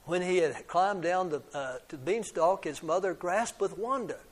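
A man's voice: high voice, normal speed. A man reading a fairy tale aloud to children, adding little asides to the kids and stumbling now and then over words. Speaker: storyteller.

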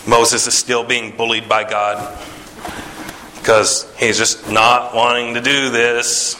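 A man retelling a Bible story in a casual, animated way, acting out the characters with sighs and jumps in pitch. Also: takes it slowly, a little hiss or hum. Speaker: preacher. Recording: echoey room.

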